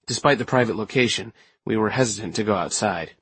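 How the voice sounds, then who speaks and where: Husky-voiced male audiobook narrator. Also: on the low side, quick pace, a bit bright, no room sound. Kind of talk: first-person scripted narration.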